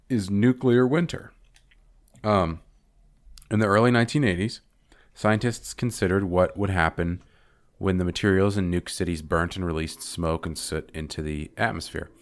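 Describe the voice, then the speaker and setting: Deep-voiced American podcast host, rambling delivery. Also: male voice, normal speed, long pauses, no echo, studio quality. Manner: rambling, reads facts with fillers. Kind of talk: casual podcast chat.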